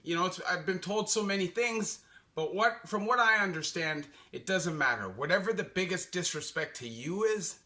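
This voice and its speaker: A man's voice: fairly high pitch, pushed and bright. A young Canadian man with a Canadian accent, talking casually to his channel and explaining street slang with lots of "you know". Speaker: vlogger.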